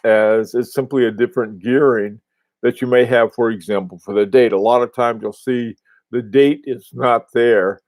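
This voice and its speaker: A man hosting a casual livestream, answering viewers in a halting, rambling way with many restarts and fillers. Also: fairly low pitch, darkish tone, no echo. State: has the hiccups. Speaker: host of a live watch talk.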